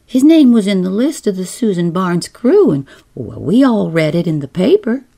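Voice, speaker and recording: A woman's voice: mid-range voice, big pitch swings, moderate pace, gravelly, mellow, slightly rough, heavily acted. A woman voicing a whining, gossipy older village woman with a rural New England accent, rambling on in a storybook reading. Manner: whining, rambling, self-pitying.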